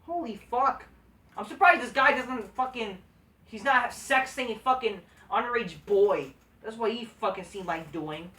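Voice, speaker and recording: A woman's voice: fairly high pitch, unhurried, a bit bright. Woman, profane sarcastic rant, echoey room, sits back from the mic. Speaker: wrestling show reviewer. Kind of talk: ranting video review. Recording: roomy, distant from the mic.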